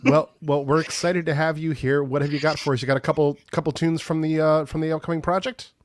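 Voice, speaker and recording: A man's voice: a little high, steady tone, fast talker, no room sound. A man hosting a virtual open mic, introducing performers with upbeat, slightly stumbling patter.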